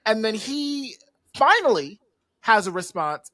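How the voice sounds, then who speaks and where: A podcast panelist recapping an episode in slangy casual talk, acting out the characters in quick voices. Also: mid-range voice, animated, crowd noise.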